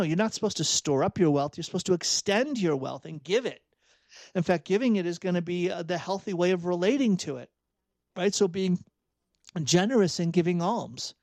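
Earnest man with a high voice. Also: a little mellow, dry recording. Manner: earnest, emphatic, repeats phrases for emphasis. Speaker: Catholic speaker and author. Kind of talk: spoken reflection on faith.

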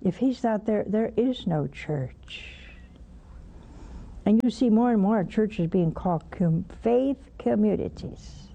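A woman's voice: mid-range voice, lively intonation, slow, gravelly, dark tone, lo-fi sound. An older woman hosting a religious call-in show, preaching emphatically, scolding and mocking. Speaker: religious TV host taking calls.

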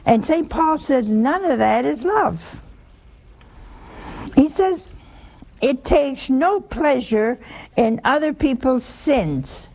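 A woman's voice: high voice, animated, takes it slowly, gravelly, long pauses, darkish tone. A woman preaching a conversational homily, asking her listeners rhetorical questions and acting out the voices in her stories. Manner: acts out quoted voices in a story. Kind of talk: homily on love with anecdotes.

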